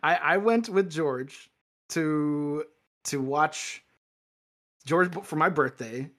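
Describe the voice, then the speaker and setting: A man co-hosting a casual chat, telling a rambling story with many restarts and growing animated as he retells it. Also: a little high, slow. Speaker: podcast co-host.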